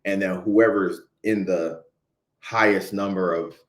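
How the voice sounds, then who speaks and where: A young Haitian-accented man, a videographer, tells a story on a livestream, speaking emphatically in slang and repeatedly checking in with "right?". His voice is low, with fairly even intonation and a slightly slow pace. The recording has a roomy echo.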